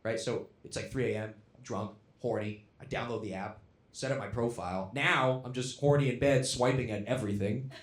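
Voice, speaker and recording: Young male stand-up comic from Florida, mid-pitch voice, swings between muttered asides and shouted punchlines, handheld mic in a roomy club. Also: a little fast. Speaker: stand-up comedian. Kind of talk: stand-up comedy set. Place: comedy club stage. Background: audience laughter.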